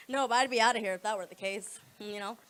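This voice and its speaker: A young woman performing a stand-up comedy set on a club stage, loud and laughing between lines as she acts out voices. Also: a little high, slight background noise.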